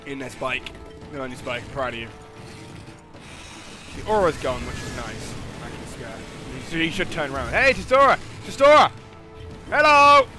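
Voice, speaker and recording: A man giving casual gameplay commentary, excitable, often laughing and shouting at near misses. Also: medium pitch, normal speed, pauses often. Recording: game music playing loudly underneath.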